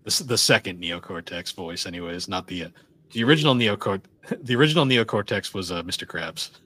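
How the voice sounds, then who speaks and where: A man's voice: deep voice, lively intonation, a little fast, fairly bright tone. A man co-hosting a podcast in casual chat, rambling with lots of fillers and laughing often. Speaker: podcast co-host.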